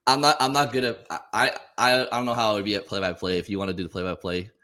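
Low, bright-voiced man in casual chat. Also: level tone, quick pace. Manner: rambling, stammers and repeats words. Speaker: podcast co-host.

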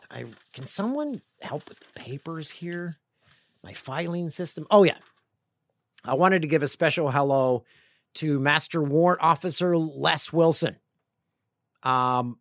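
A middle-aged man hosting a casual podcast, reading listener emails aloud with playful, jokey, rambling asides that swing between loud bursts and quiet mutters. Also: on the high side, dry recording, studio quality. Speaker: podcast host.

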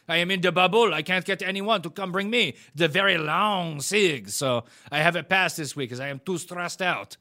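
A man's voice: high-pitched, moderate pace, hardly any pauses, sharp tone. A man putting on an exaggerated mock French accent to play a fussy, stressed male golfer who frets about cigarettes. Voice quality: exaggerated, whiny.

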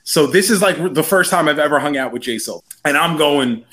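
A young man from New York telling a story in casual chat, rambling and animated with lots of "like". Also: fairly high pitch, normal speed, few pauses. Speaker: podcast storyteller.

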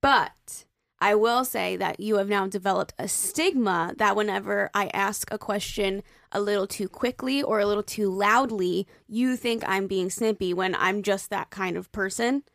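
A young woman co-hosting a casual podcast, talking quickly and frankly as she defends herself. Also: mid-range voice, creaky, a bit bright, no room sound, clean studio sound.

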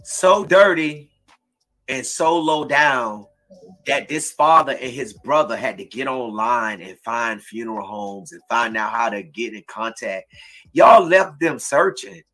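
A man hosting a true-crime podcast, giving impassioned commentary in a preachy way and breaking into shouts. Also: medium pitch, a little slow, poor audio. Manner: fiery, preachy, shouts in bursts. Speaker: podcast host.

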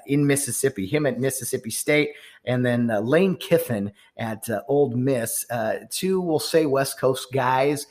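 Rambling man on a sports podcast. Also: mid-range voice. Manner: rambling, frequent restarts and fillers. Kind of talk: casual sports chat.

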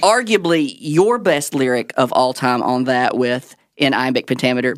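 A man's voice: medium pitch, normal speed, hardly any pauses, no echo, clean studio sound. A man co-hosting a music podcast, enthusiastic and rambling as he explains songs and chords. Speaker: podcast co-host. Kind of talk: casual music chat.

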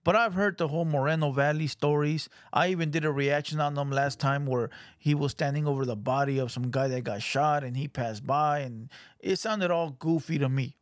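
A man's voice: fairly high pitch, moderate pace, dry recording, clean studio sound. Blunt, swearing man commentating. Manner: blunt, profane, scolding. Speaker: reaction show host. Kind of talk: casual commentary.

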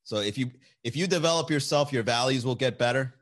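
A man's voice: medium pitch, fast. A man hosting casual chat with his viewers, giving blunt, profane, opinionated dating advice. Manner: animated, shifts voice for quotes.

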